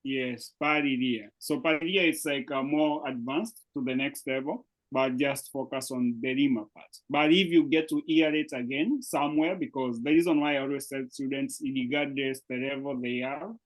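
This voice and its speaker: A man's voice: mid-range voice, fairly even intonation, normal speed, few pauses, rough recording. A man teaching a beginners' language class over a video call, explaining patiently and checking often that his students follow. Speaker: Swahili teacher. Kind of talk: live online language class.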